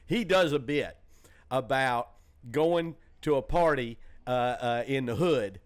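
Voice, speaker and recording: A man's voice: medium pitch, lively intonation, takes it slowly, clean tone. A man hosting a backstage podcast at his comedy club, chatting casually and stumbling over his words as he retells stories. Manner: eager, stammers uh uh, retells bits with shouting voices.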